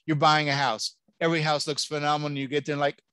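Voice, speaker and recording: A man giving an animated, joking college admissions talk and taking audience questions. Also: fairly high pitch, fast, clear, resonant tone. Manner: lively, jokey, exclamatory. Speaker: college admissions keynote speaker.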